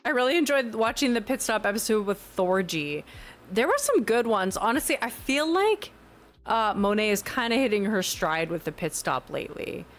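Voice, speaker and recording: A young adult woman chatting live on stream from her home, rambling and giggling as she reacts to chat and trips over her own words. Her voice sits at an ordinary middle pitch, and soft music plays faintly behind her. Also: very animated, normal speed. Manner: rambling, giggly, self-correcting. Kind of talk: casual livestream chat, reacting to chat. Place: home, newly moved in.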